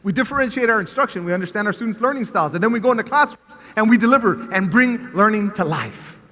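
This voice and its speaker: A man, a school district superintendent giving an animated motivational speech and telling a story to a staff assembly. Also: sits high, fast talker. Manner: animated storyteller, rising to cheering shouts. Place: large assembly hall. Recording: echoey hall with long reverb.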